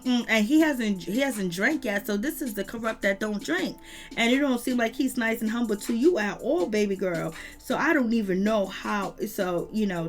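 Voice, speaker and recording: A woman giving a casual recap of a reality show, talking in emphatic slang and running through long lists. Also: mid-range voice. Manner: retells scenes with quoted voices.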